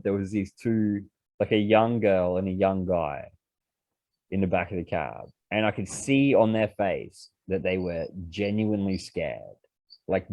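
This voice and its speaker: A man's voice: deep voice, no room sound. Swearing guy telling stories. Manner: swears freely, heavy filler words, animated. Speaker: podcast guest. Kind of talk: casual storytelling.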